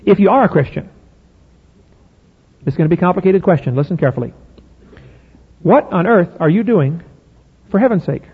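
A man's voice: high voice, lively intonation, a little fast, long pauses, breathy edge. A middle-aged man preaching a sermon in a folksy, emphatic way, full of rhetorical questions. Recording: phone-like audio in a reverberant hall.

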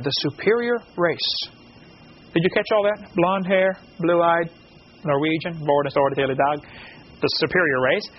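A man giving an animated lecture to a live audience, asking the room rhetorical questions. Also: fairly high pitch. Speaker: creationist lecturer. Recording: dull lo-fi recording with faint noise.

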